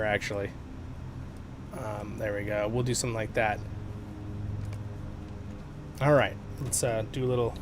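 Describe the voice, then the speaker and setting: Rambling and frequently correcting himself, a man hosts a livestream and talks viewers through a video game in a relaxed, chatty way. His voice is a little high, with a bit of hiss or hum in the audio.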